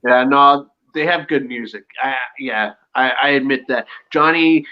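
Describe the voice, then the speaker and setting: A man co-hosting a casual live show chat, talking excitedly and acting out scenes as he goes. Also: mid-range voice, measured pace, lo-fi sound. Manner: excitable, reenacts scenes with loud impressions. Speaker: show co-host.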